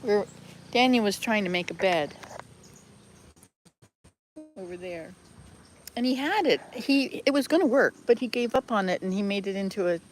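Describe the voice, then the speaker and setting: A woman's voice: medium pitch, animated, normal speed, long pauses. Older woman, casual travel vlog, chatty, self-correcting, outdoors, faint background noise. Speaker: vlogger. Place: outdoors at a rural hut. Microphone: handheld camera.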